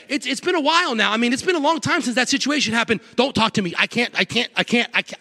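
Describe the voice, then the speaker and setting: A male pastor preaches fervently, driving points home through repetition. His voice is bright and husky, somewhat high, and carries a church hall's long reverb. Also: fast talker, hardly any pauses. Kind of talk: sermon.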